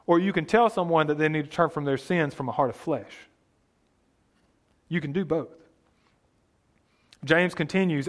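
A man preaching a sermon, earnest and emphatic, reading scripture aloud and explaining it plainly. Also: a little high.

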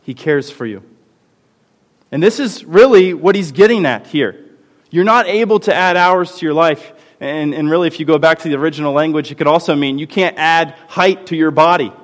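A man's voice: a little high, fairly quick. Earnest preacher man in a reverberant hall. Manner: earnest, builds to impassioned emphasis. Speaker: pastor. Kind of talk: sermon.

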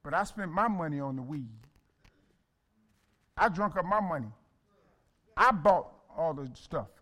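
A male pastor preaches a sermon in a high, bright, forceful voice with lively intonation and an unhurried pace. His style is folksy and colloquial, relying on call-and-response: he has the congregation repeat his words and addresses listeners by name.

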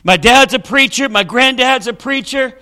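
A man's voice: extremely high pitch, normal speed, sharp tone, voice pushed up, exaggerated voice. A man voicing a tiny, distraught young mother who is angry and near tears. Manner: pleading, breaking into cries.

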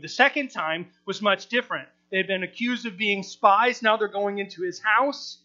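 Bright-voiced man teaching scripture, lo-fi. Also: sits high, normal speed. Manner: conversational, with frequent restarts, acts out the quoted people. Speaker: Bible teacher. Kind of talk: verse-by-verse Bible teaching.

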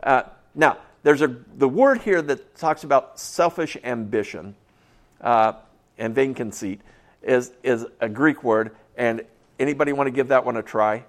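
A man's voice: mid-range voice, measured pace. Folksy male pastor preaching to his congregation. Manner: conversational, asks the congregation questions, repeats key phrases; acts out stories with voices, drops to soft tones for effect. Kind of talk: sermon.

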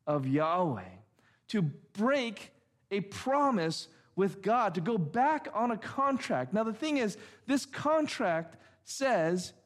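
Emphatic preaching man, slightly high voice. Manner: emphatic, rhythmic preaching with repetition. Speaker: pastor. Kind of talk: sermon.

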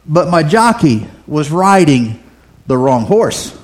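A man voicing a competitive, excitable country farmer in a church lesson story. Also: a little high, slow pace, slight background noise. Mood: excited.

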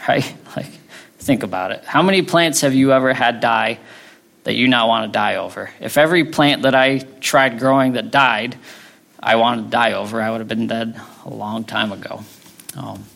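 Brief: man in the middle register, preaching with a gravelly edge, conversational teaching tone. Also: mid-range voice, moderate pace, fairly bright tone. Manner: conversational teaching, frequent tag questions. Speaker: pastor. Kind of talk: sermon.

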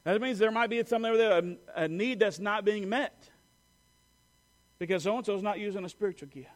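A man preaching to his congregation in a high, light voice. He talks conversationally, with fillers and quick self-corrections, and has the people repeat lines back to him. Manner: leads the congregation in call-and-response repetition. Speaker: pastor. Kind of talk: sermon.

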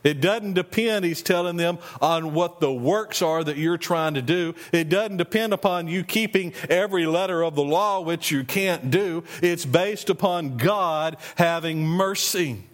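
A male pastor preaching a sermon, reading scripture slowly and then explaining it in a conversational way. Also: on the high side.

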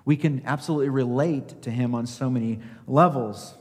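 A man's voice: mid-range voice, fairly quick, darkish tone, long reverb tail. A man preaching a sermon as pastor, emphatic, asking his listeners rhetorical questions and acting out scripture quotes.

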